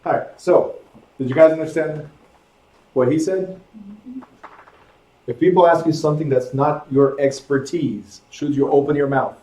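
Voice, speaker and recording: A man's voice: fairly high pitch, moderate pace, pauses often, warm tone. A man instructing a real estate class in a direct, conversational way, checking in with his students. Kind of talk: casual classroom teaching. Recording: echoey classroom.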